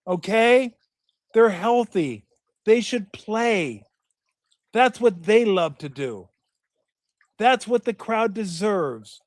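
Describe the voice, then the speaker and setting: A man's voice: high-pitched, big pitch swings, slow, pauses often, no room sound. A middle-aged man hosting a sports talk show, ranting in a profane, rambling, fired-up way. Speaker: sports radio host. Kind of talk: casual sports talk rant.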